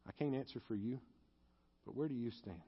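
A man's voice: mid-range voice, brisk, vocal fry, husky, dull audio. A male pastor preaching a sermon and leading a closing prayer, earnest and confessional, at times rising into fervent pleading.

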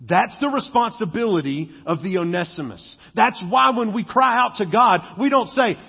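A man's voice: high-pitched, lively intonation, moderate pace, creaky, slightly rough. A man preaching a sermon as a pastor, conversational and joking, often acting out quoted speech. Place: church sanctuary. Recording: dull lo-fi sound with long hall reverb.

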